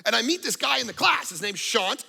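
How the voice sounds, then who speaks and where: A middle-aged man preaching a sermon as pastor, telling stories with animated swings from hushed to loud. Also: very high voice, fairly quick, vocal fry, breathy edge.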